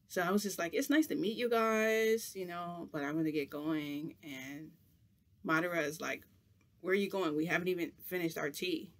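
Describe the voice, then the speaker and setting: A man's voice: a little high, creaky, fairly bright tone. A man chatting to camera as a vlogger, telling a long rambling story full of "like" in a casual, chatty way.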